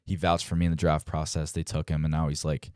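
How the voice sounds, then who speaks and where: Super deep young guy, smooth voice, chatty storyteller, acts out the other people's lines. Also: fast, no echo, clean studio sound. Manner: animated, acts out quoted dialogue, frequent "like". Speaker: pro baseball player guest. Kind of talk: casual storytelling.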